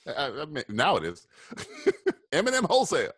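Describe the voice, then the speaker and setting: A man in casual movie-commentary chat, his pitch leaping all over the place as he jokes and laughs. The sound is dry and close, with no room around it. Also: wildly swooping pitch, fairly quick, fairly bright tone, husky, no echo. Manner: jokey, laughs often, riffs loosely. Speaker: podcast co-host.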